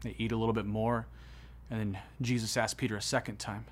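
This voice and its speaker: A man preaching a sermon, retelling a story with swings between hushed, solemn passages and excited, rising ones. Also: lowish voice, a little fast, a little hiss or hum. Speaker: pastor.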